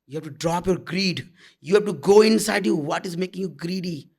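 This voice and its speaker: A man teaches at a satsang in a high voice with a gravelly edge. He talks bluntly but tenderly to his listeners. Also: a little fast. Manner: blunt and intimate, calling listeners "my love". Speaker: spiritual teacher. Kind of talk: satsang talk.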